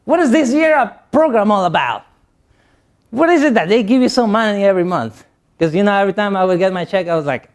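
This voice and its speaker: A man's voice: sits high, a little mellow. A young man giving a motivational talk to youth. He speaks with a non-native accent, repeats phrases for emphasis and jokes with the audience.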